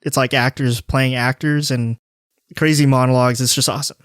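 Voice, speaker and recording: A man's voice: medium pitch, little pitch movement, brisk, fairly bright tone, clear, resonant tone, no echo. Casual male podcast host, dry sound. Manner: loose, filler-heavy talk full of "like".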